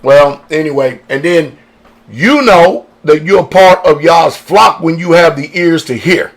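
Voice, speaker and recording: Pastor guy preaching hard on radio, high voice, keeps asking huh?. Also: a little slow. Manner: emphatic preaching, rhetorical questions, call and response. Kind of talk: radio sermon.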